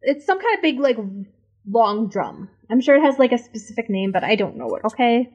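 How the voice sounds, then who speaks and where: Lively woman, enthusiastic podcast co-host. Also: on the high side, brisk, slightly rough, muffled recording. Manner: enthusiastic, quotes lines with playful voices. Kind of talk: casual chat recapping a movie.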